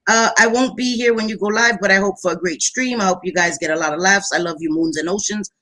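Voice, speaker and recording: A woman hosting a casual livestream, greeting viewers loudly and chattily with pet names like sweetie pie and baby girl. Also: mid-range voice, fast. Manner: loud, animated voice. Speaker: livestream host.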